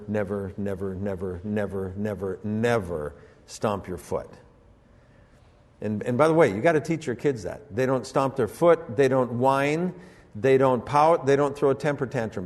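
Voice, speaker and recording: An older man preaching a sermon as pastor, telling family stories and acting out voices with sudden high jumps in pitch. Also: darkish tone, big-room sound. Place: church sanctuary.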